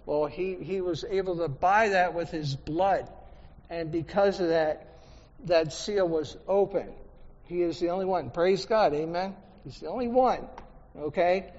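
A man's voice: high-pitched, a little mellow. A man preaching a sermon as pastor, talking conversationally and asking the congregation for responses. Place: church sanctuary. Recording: dull reverberant church recording.

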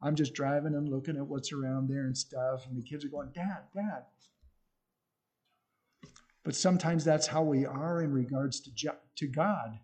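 Middle-aged guy preaching, earnest and chatty, mellow voice. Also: medium pitch, fairly even intonation, fairly quick, hardly any pauses. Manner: earnest, conversational with restarts. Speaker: missionary speaker. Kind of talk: sermon.

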